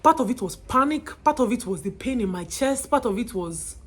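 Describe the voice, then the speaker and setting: A woman's voice: fairly high pitch, a little fast, husky. A Nigerian woman in her twenties telling a personal story in a casual, emotional way. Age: 20s. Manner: emotional, lively retelling. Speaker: vlogger.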